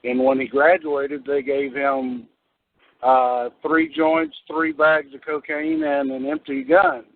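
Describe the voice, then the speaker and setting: A man sharing an anecdote on talk radio in a relaxed storytelling way. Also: a little high, slow, gravelly. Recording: tinny phone line.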